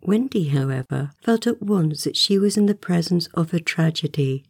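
Low, warm-voiced woman reading a storybook. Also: lively intonation, normal speed, husky, no echo, clean studio sound. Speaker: audiobook narrator. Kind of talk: scripted storybook narration.

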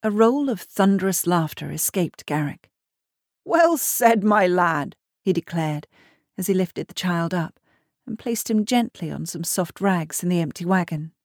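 A woman narrating a storybook in a measured, expressive reading. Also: lowish voice, no room sound, studio quality.

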